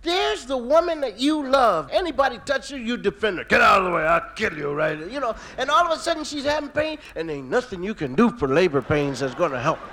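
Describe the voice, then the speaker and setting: Animated high-voiced male comedian telling a story. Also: brisk, hardly any pauses. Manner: animated, acts out voices with loud yells. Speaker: stand-up comedian.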